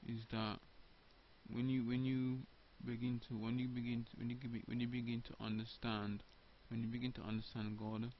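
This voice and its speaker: A man with a lowish, monotone voice talks unscripted, tripping over his words and circling back to repeat himself. The recording is dull and lo-fi, with a faint hiss underneath. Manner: halting, repeats words and restarts often, many ums. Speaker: video blogger. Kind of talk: unscripted religious monologue to camera.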